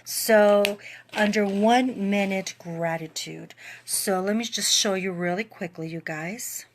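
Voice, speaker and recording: A woman's voice: mid-range voice, slow, slight background noise. A woman who runs a fitness program, speaking to camera in a casual, earnest and openly emotional gratitude video. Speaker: fitness and wellness program creator.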